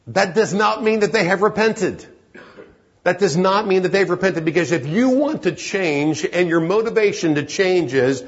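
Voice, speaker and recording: A man's voice: high voice, expressive, moderate pace, dull audio. A man preaching a sermon in an earnest, emphatic way that climbs into urgent pleading.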